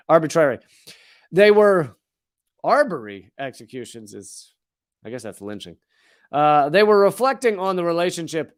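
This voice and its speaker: A man in his forties hosting a comedic political monologue, sardonic and profane, riffing with asides while reading news stories. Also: a little high. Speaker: comedian and political commentary host.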